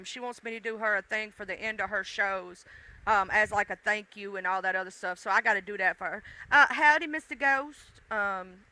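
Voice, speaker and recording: A woman from the American South with a mixed deep-South accent chats loosely with her livestream viewers. She rambles, talks straight to the chat and curses casually. Her voice is very bright and sharp, recorded dry and close. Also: no echo, rough recording. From Southern United States. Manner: rambling, chatty, swears freely, addresses chat directly. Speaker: livestream host.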